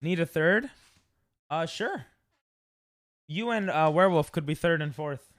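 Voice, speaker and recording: A young man streaming a game, chatting casually with viewers and yelping loudly when he loses. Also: a little high, a little slow, dry recording, studio quality. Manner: rambling, loud yelps when dying in game. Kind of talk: casual live-stream chat while gaming.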